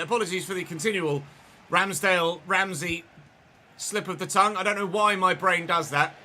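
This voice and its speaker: A man's voice: high-pitched, bright, forceful tone, a little hiss or hum. A man live-streaming a football game, giving play-by-play commentary with chatty asides to viewers. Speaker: gaming streamer.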